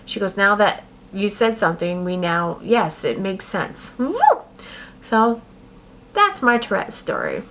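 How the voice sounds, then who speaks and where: A woman's voice: medium pitch, huge pitch swings, a little slow, a bit bright, a little hiss or hum. Young woman, vlogger, casual storytelling, rambling, sudden vocal tics. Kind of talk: casual personal story to camera.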